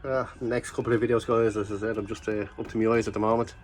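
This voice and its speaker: A man's voice: lowish voice, little pitch movement, fast talker, darkish tone. A man vlogging a toy review in a casual, enthusiastic, rambling chat full of fillers.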